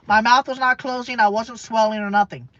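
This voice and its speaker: A man's voice: extremely high pitch, fairly even intonation, brisk, fairly bright tone, no echo, highs cut off. A man talking in a personal vlog monologue, rambling and repeating himself. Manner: rambling and repetitive.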